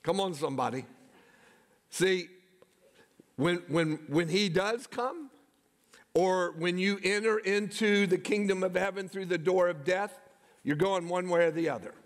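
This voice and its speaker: Middle-aged pastor preaching in a hall. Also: male voice, high voice, unhurried, pauses often. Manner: storytelling, calls "come on, somebody". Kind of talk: sermon. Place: church sanctuary. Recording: long hall reverb.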